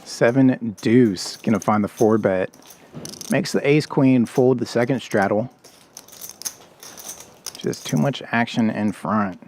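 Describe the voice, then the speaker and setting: A man's voice: mid-range voice, slow, pauses often, darkish tone, a little hiss or hum. A man commentating a live poker game play-by-play, with a playful, wry manner.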